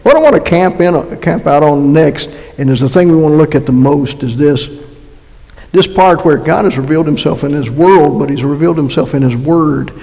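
A man with a Massachusetts accent preaches a conversational sermon, folksy and full of joking asides and restarts. His voice sits fairly high, with a gravelly edge. The sound carries the long reverb of a church hall. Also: mellow. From North Carolina. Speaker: pastor. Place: church sanctuary.

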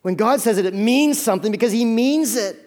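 A male pastor preaching a sermon, earnest and conversational, with slow dramatic pauses. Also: very high voice, darkish tone.

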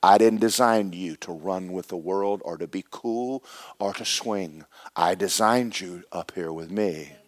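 A preacher voicing God as a gentle, fatherly figure who speaks slowly and tenderly. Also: low-pitched, dry recording. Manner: slow, tender, drawn out.

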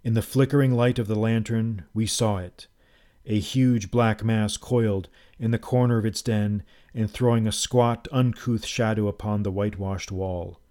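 A man narrating a first-person story aloud in a measured, dramatic reading. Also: on the low side, fairly even intonation, dark tone. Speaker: audiobook narrator.

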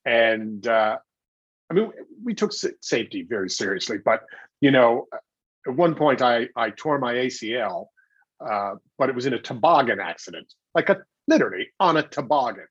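Husky, animated storyteller. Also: male voice, mid-range voice, dry recording, highs cut off. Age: 40s or older. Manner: animated storyteller acting out quotes, quick restarts. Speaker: guest, television host. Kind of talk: anecdotal interview talk.

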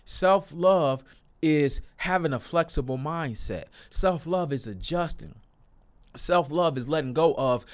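A man's voice: fairly high pitch, unhurried, clear, resonant tone. A young man giving a motivational self-help talk to camera, earnest and repetitive, sometimes rising to emphatic outbursts. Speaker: self-help video creator.

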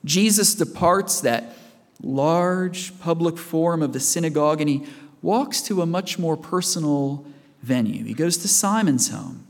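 Guy preaching, slow and easy, kinda high voice, big church echo. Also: lively intonation. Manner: conversational, asks the congregation questions. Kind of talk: sermon. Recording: reverberant church hall.

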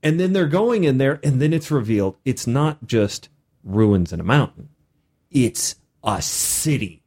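A man hosting a podcast in casual chat, animated as he tells stories of running a game and acts out his players. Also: mid-range voice, a little slow. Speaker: podcast host and game master.

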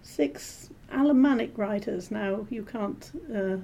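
A woman translator being interviewed, explaining her work in a measured, thoughtful way with frequent pauses and ums. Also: medium pitch, vocal fry, mellow, slight background noise. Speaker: literary translator, interview guest. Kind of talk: thoughtful academic conversation.

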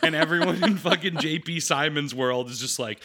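A man's voice: on the high side, animated, a little fast, creaky, pushed and bright. A man co-hosting a podcast, chatting casually about films with many fillers and some swearing. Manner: laughing, sweary, filler-heavy. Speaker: podcast co-host. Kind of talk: casual film discussion.

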